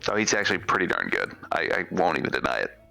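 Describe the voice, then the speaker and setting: A man's voice: low-pitched, sing-song, fast talker, creaky, sharp tone. A man co-hosting a live game stream, joking and self-deprecating in casual chat. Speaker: stream co-host and commentator. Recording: faint music behind.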